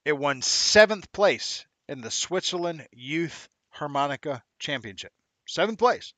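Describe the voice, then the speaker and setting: A man's voice: a little high, expressive, a little slow, bright, forceful tone, no echo. A man hosting a casual livestream show, chatty and upbeat, laughing often and using slang. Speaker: live show host.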